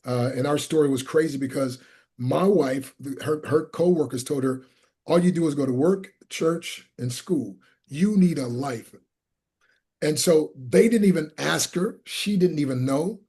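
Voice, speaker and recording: A man's voice: measured pace, husky. A man from Pennsylvania, a motivational speaker and evangelist, telling stories as an interview guest and acting out the people he quotes. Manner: animated, acts out quoted people with big pitch jumps. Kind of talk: storytelling in an interview.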